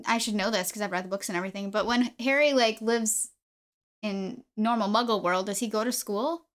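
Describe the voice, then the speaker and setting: A woman in casual chat, curious and thinking aloud with quick questions. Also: medium pitch, a bit bright.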